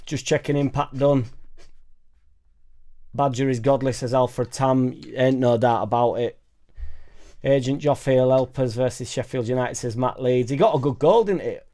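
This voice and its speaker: Through a suspended studio microphone, a mellow, medium-pitched male voice at a moderate pace hosts a casual home-studio live stream. He rambles, cracks jokes and reads viewer comments aloud.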